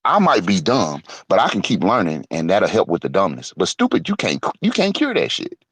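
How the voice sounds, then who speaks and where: Heated profane man with lively pitch. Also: brisk, slight background noise. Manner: heated, profane, swings from loud to muttering; lively pitch, laughs between points. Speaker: online show host. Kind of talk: casual rant.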